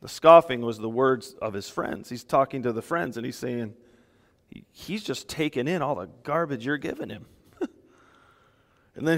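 A man preaching a sermon as pastor, emphatic and animated, with small laughs between points. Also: mid-range voice, moderate pace, long reverb tail.

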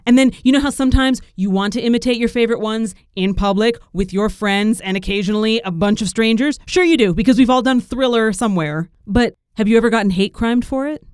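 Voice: mid-range voice, a little fast, hardly any pauses, smooth, no echo, studio quality. A podcast host introducing stories in a wry, conversational way. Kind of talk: scripted introduction.

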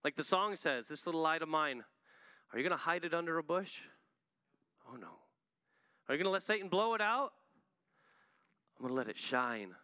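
Earnest preacher, man, fairly high voice, builds to emphatic peaks mid-sermon. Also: lively intonation, fairly quick, long pauses, pushed and bright, clear, resonant tone, no room sound. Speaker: missionary preacher.

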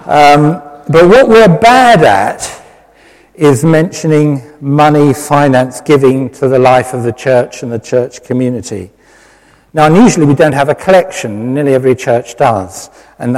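British man, lay preacher, chatty sermon, mid pitch, echoing church hall. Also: a little mellow. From Britain. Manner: conversational, self-deprecating, with many fillers. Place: church hall with long reverb.

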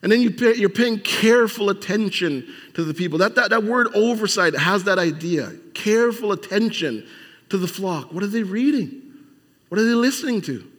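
A man's voice: high voice, animated, moderate pace, fairly bright tone. A male pastor preaching a sermon in a conversational style, with emphatic rhetorical questions and frequent restarts. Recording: long hall reverb.

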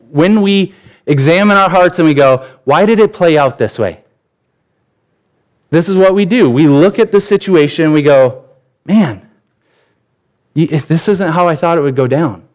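Male pastor, thirties, conversational sermon, candid, animated storytelling. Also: a little high.

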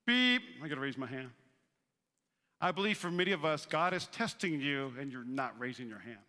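A man in his thirties preaching a sermon as pastor, animated and joking, acting out the voices he quotes. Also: medium pitch, normal speed. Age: 30s. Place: church auditorium. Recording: long reverb of a large hall.

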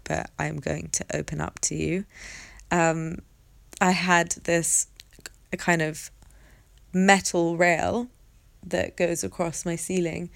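A young adult woman hosting a podcast, telling a personal story in a candid, reflective way with hesitant pauses. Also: fairly low pitch, vocal fry, no echo. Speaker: podcast host.

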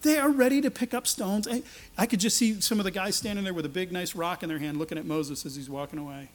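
A man preaching a sermon, animated and sarcastic, acting out the lines he quotes. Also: high-pitched, fast talker. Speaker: pastor.

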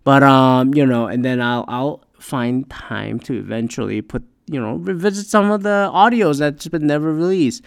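A man's voice: mid-range voice, moderate pace, creaky, hardly any pauses, smooth, dry recording, studio quality. A man hosting a solo podcast in a profane, rambling, exasperated rant, sounding tired. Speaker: podcast host.

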